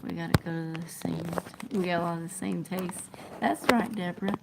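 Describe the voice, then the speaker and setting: A woman's voice: fairly low pitch, steady tone, fairly quick, creaky, heavy background noise. A middle-aged woman, chatting scattered and laughing as she reads viewer comments on a livestream. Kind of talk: casual live chat.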